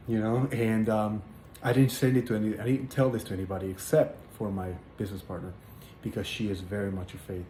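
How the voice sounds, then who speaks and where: A man with a fairly low voice tells his religious testimony in an earnest, halting way. He stops often for fillers and repeats words as he goes. The recording sounds roomy, with a faint hiss of background noise. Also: little pitch movement, mellow. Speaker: person sharing a religious testimony. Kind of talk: personal testimony, casual spoken storytelling.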